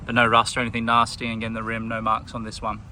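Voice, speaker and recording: Bright-voiced Australian car salesman outdoors. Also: lowish voice, quick pace, a little hiss or hum. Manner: relaxed, plain-spoken, pointing things out as he goes. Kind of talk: walkaround car video tour. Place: outdoors around a car, then inside it.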